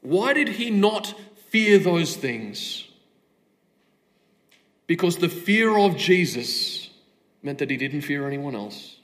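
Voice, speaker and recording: Emphatic male preacher, fairly high voice. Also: very animated, takes it slowly, pauses often. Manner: rhetorical questions, emphatic. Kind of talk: sermon.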